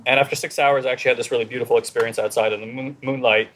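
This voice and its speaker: A man in a casual conversation, telling a personal story in an animated way and acting out his inner dialogue. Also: medium pitch, very fast.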